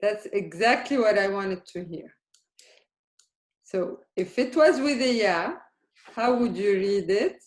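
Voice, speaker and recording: During a live beginner Arabic lesson, a woman with a medium-pitched voice speaks animatedly but slowly, leaving long pauses. She patiently poses questions and often checks comprehension, and the room sounds echoey.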